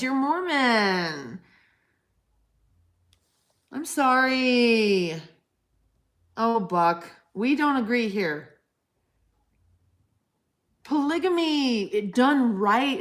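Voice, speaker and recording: A woman's voice: on the high side, a bit bright. A woman hosting a livestream, chatting casually with viewers, blunt and profane, calling them by pet names. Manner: teasing, affectionate pet names. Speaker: livestream host answering chat.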